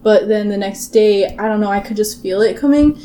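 Quiet thoughtful woman chatting, middle pitch, kinda hesitant. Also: fairly quick, a loud crowd. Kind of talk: casual chat.

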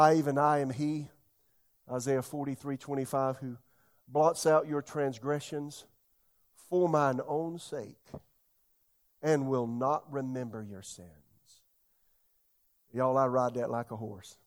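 A middle-aged man preaching a sermon as pastor, swinging between loud emphatic bursts and soft asides. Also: fairly high pitch, a little slow.

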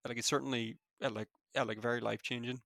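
A young man with a Belfast accent who talks quickly, full of fillers and restarts, in a casual interview. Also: mid-range voice, level tone, gravelly, fairly bright tone, dry recording, clean studio sound. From Northern Ireland. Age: young adult. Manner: fast-talking, many fillers and restarts. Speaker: former student guest.

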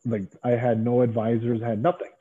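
Husky-voiced man, ex-wrestler guest, rambling anecdotes, phone-quality audio. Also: medium pitch, fairly quick. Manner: rambling, animated, many fillers and restarts. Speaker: former pro wrestler as guest. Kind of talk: casual storytelling. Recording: tinny phone-like line.

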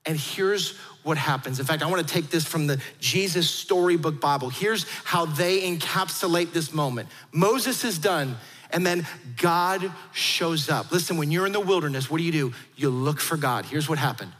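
A male pastor delivers an animated sermon in a high voice, carried by the long reverb of a large hall. He slips into voices for the people in his story as he preaches. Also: moderate pace. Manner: animated, acts out quoted voices.

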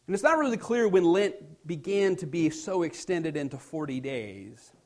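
A man's voice: on the high side, animated, normal speed. Conversational man preaching a sermon. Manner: reads scripture with rising emphasis, explains in a conversational tone. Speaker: pastor.

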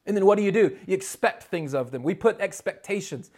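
Male pastor, high voice, conversational sermon, lively asides, quick restarts. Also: breathy edge.

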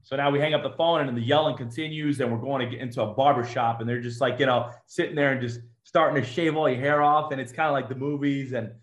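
A man's voice: mid-range voice, steady tone, quick pace, few pauses. A man from Georgia, a former Marine, telling his story as an interview guest, full of "like" and acted-out quotes. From Georgia, USA. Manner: chatty, acts out quotes, frequent "like" and "uh" fillers.

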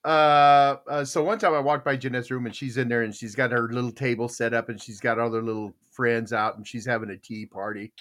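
A man's voice: mid-range voice, little pitch movement, a little fast, hardly any pauses, a bit bright. A middle-aged man hosting a casual morning chat show, telling rambling jokey stories and laughing often. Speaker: show host.

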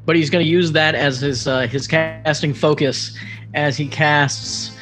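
A man plays a tabletop game, walking through his character's actions with hesitant, thinking-aloud pauses. His voice sits a little high, with faint music in the background. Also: steady tone, fairly bright tone. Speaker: player. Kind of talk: casual tabletop play.

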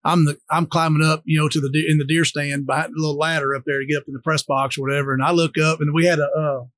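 A football coach telling rambling, self-mocking anecdotes in casual chat. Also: male voice, a little high, level tone, racing, a bit bright, dry recording, clean studio sound.

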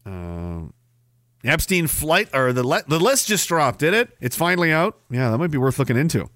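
A man hosting a podcast, ranting with sarcasm and bursting into shouting now and then. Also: medium pitch, dry recording, studio quality. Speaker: podcast host. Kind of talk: ranting commentary.

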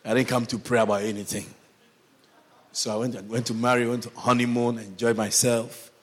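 A man preaching, telling a personal story with lively delivery and acted-out quotes. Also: medium pitch, moderate pace. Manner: animated storyteller, acts out quoted voices. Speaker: pastor. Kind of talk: sermon storytelling.

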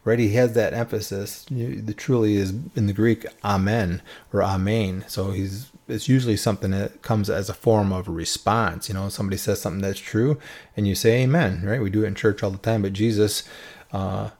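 A man's voice: fairly low pitch, steady tone, normal speed, darkish tone. Conversational man teaching Bible verses. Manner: conversational, often tags points with a questioning "right?".

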